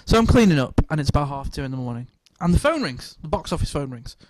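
A man telling a lively anecdote in casual chat. He swears, laughs often and stammers over restarts. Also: fairly high pitch, fast talker, no echo.

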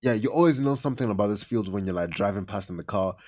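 A young man tells a story in a relaxed podcast chat. His voice sits a touch low, and he jumps up in pitch whenever he acts out his mates. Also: fast talker. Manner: animated, acts out friends' lines in raised voices. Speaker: podcast host.

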